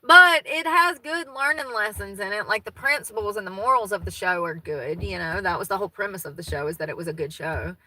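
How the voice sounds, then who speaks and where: Barely pausing, a woman in her thirties from the US South chats folksily with live viewers and laughs readily. She speaks fairly quickly at medium pitch, animated and sharp in tone, over slight background noise on a low-quality recording.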